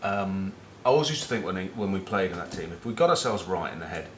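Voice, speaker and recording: This low-voiced, animated man speaks at a quick pace, swapping rugby anecdotes and sweary, cheeky match talk. He's a middle-aged former rugby captain from northern England with a Northern English accent. The room is echoey, with a little hiss or hum.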